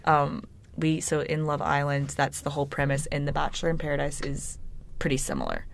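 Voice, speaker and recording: Low-voiced Southern woman chatting. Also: big pitch swings, brisk, vocal fry, slight background noise. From Alabama. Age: young adult. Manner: chatty, rambling, many fillers. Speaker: podcast co-host. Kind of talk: casual chat.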